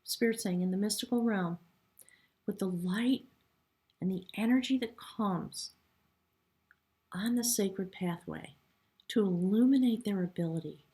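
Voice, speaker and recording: A woman giving a spiritual tarot reading in a soft, reverent way, sometimes dropping to a hush and getting choked up. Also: mid-range voice. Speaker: tarot reader.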